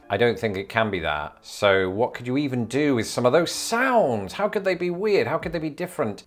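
A man's voice: mid-range voice, sing-song, normal speed, fairly bright tone, soft background music. Playful Englishman sounding words out. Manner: playful, repeats words over and over sounding them out. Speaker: YouTube host. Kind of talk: casual vlog commentary.

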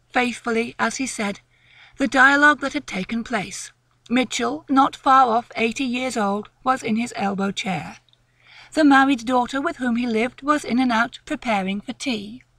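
A woman narrating a classic ghost story in an expressive, measured reading. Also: high voice, no echo.

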